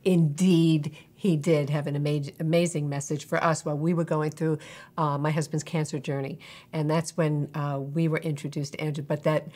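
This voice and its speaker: Soft-pitched woman hosting an interview. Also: flat delivery, moderate pace. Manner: prompting, affirming with frequent short acknowledgements. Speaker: host. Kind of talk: interviewing a guest.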